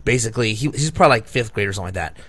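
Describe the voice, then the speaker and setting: A man's voice: fairly low pitch, lively intonation, rapid-fire, fairly bright tone, husky. A man in his thirties telling long, rambling, profane stories on a casual podcast, often laughing at himself. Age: 30s. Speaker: podcast co-host. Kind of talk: casual storytelling.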